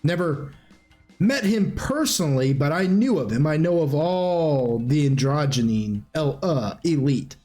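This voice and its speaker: A man's voice: on the high side, animated, measured pace, dark tone, faint music behind. A man doing a scholarly noble, eager and dry. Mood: measured.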